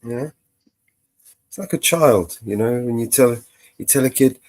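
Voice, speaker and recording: A man's voice: medium pitch, measured pace, long pauses, darkish tone, dry recording. A man co-hosting a live panel stream, blunt and rambling, swearing freely with lots of fillers. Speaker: livestream co-host. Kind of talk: casual live panel chat.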